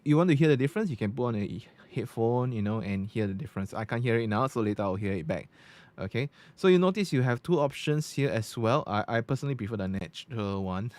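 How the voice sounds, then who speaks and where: A man's voice: lowish voice, no room sound. A man recording a casual product review at his desk, explaining each feature step by step into a USB podcast microphone. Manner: explains step by step in a chatty, informal way. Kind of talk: casual tech review demonstration. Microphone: studio USB podcast microphone at close to medium distance.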